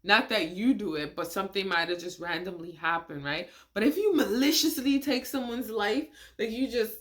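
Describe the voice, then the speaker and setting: A woman hosting a casual reaction video, talking in an animated, incredulous way with frequent laughter and rhetorical questions. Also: mid-range voice, a little fast, hardly any pauses.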